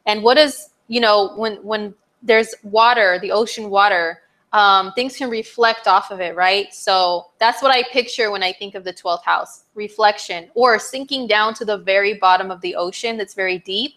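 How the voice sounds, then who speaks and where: A young woman astrologer gives her viewers a casual, chatty forecast, animated and full of playful exclamations and frequent fillers. Her voice is medium-pitched and her pace moderate.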